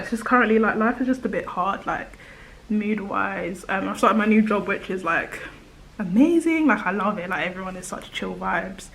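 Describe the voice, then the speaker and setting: A woman's voice: medium pitch, creaky, fairly bright tone, low-quality recording. Woman in her twenties, casual get-ready-with-me vlogger, rambly and full of "like", drops to whispers, filmed on a tripod camera at home with faint background noise. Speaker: beauty vlogger. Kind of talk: chatty get-ready-with-me monologue. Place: at home doing makeup.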